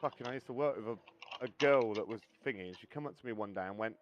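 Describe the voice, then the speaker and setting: A man's voice: on the low side, fast, muffled recording, a little hiss or hum. Joking, foul-mouthed gaming streamer man. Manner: joking, swears freely, storytelling. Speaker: sim racing co-op streamer. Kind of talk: casual gaming banter.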